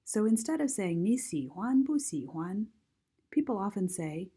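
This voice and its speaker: A woman teaches a recorded Chinese grammar lesson, her voice husky and mellow. She speaks slowly, with a lively rise and fall in pitch, and reads each model sentence carefully for learners.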